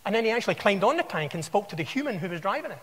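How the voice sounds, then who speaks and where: A Scottish man in his sixties gives a keynote to a large hall, full of wry asides and stories. His voice sits high for a man and swings widely in pitch. A long reverb trails his words. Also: sing-song, rapid-fire, a bit bright. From Scotland. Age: 60s. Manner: wry, anecdotal, conversational storytelling. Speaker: conference speaker. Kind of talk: conference keynote talk.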